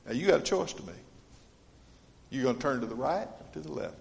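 A man preaching a sermon to his congregation, earnest and dynamic, swinging from loud appeals to hushed, quiet lines. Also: mid-range voice, expressive, brisk, creaky. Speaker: pastor. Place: church. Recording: long reverb of a church sanctuary.

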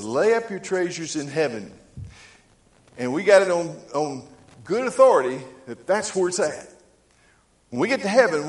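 Animated folksy preacher man, echoey room. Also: medium pitch. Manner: folksy storytelling, acts out dialogue. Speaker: pastor. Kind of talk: sermon.

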